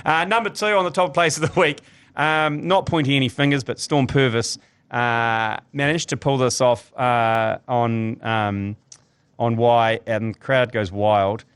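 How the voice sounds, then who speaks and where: A New man hosts a casual comedy podcast, wandering through his stories with ums and chuckles. His voice sits in a middle pitch. The sound is close and dry, with no room around it. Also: fairly even intonation, a little slow, fairly bright tone, clear, resonant tone, dry recording. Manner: rambling, laughs at his own stories, many ums. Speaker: podcast host.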